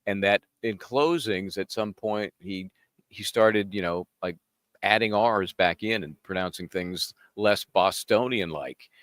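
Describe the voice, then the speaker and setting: A man's voice: fairly low pitch, measured pace, a bit bright, no room sound. A man co-hosting a live trial-watch show, talking in a chatty way that wanders onto tangents. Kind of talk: casual chat.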